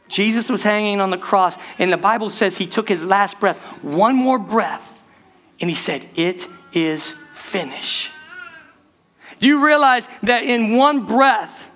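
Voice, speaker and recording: A man preaching a sermon to his church, animated and calling out to the congregation, rushing some phrases and drawing others out. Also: sits high. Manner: animated preaching, speeds up and slows down, calls out to the church. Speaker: pastor.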